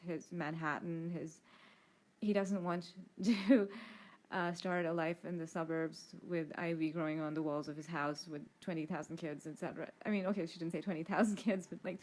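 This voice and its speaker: A woman with a fairly low voice gives her opinions in a relaxed, chatty way. She throws in quick asides as she goes. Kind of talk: casual opinion monologue.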